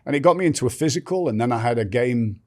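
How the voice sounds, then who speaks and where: A man's voice: medium pitch, expressive, fast, a little mellow. An older man telling his life story candidly as a podcast guest, blunt and swearing freely, often restarting sentences.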